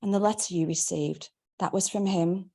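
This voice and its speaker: A woman reading a memoir aloud, voicing a devout, anxious mother who speaks softly and hushed. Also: on the low side, fairly even intonation, moderate pace, vocal fry. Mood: probing. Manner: soft hushed voice. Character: devout anxious mother, tender then hardening.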